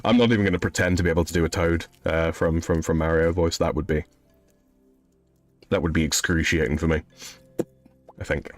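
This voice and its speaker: Guy in his 30s streaming, low voice, reads chat out loud and rambles back, super dry close mic. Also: fairly even intonation, a little fast, long pauses, no room sound, soft background music. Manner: rambling, reads chat messages aloud and answers them. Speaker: game streamer. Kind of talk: casual live-stream chat while gaming.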